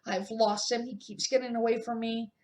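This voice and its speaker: A woman's voice: a little high, level tone, normal speed, darkish tone, far from the mic, pitched above the performer's own voice, natural voice. A tearful, anxious schoolboy pleads for help, as a grandmother reads his part. His voice sounds miserable and a little raised. It is a home storybook reading. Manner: miserable, wailing plea. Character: tearful, anxious round-faced schoolboy, eleven.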